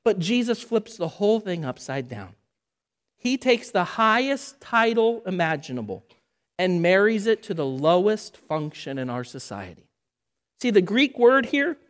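A woman preaching a sermon, emphatic, building through repeated phrases and dropping low and quiet to stress key points.

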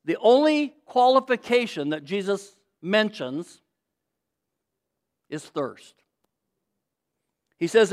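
A middle-aged man preaching a sermon, explaining scripture and swinging from loud emphasis to quiet asides. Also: high voice. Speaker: pastor.

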